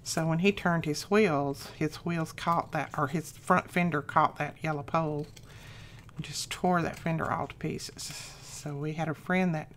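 A woman's voice: low voice, steady tone, a little slow, a little hiss or hum. A middle-aged woman hosting a crafting channel, chatting casually and rambling homey stories as she works.

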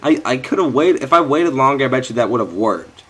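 A young male gaming YouTuber, mid-range in voice with a breathy edge and lively intonation, commentates live on his own football game at a fairly quick pace. He gets frustrated and swears at his players, speaking close to a headset or desk mic.

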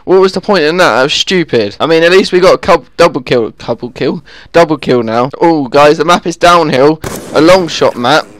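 A man's voice: on the high side, normal speed, fairly bright tone, no echo. A man giving live commentary over his own gameplay, easily exasperated and groaning whenever the game goes against him. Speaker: gaming channel host.

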